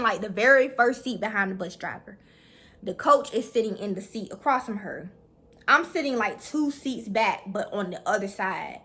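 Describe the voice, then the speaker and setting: A young woman telling a story to her viewers in a blunt, profane, animated way. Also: a little high, slightly rough. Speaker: vlogger. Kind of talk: storytime vlog.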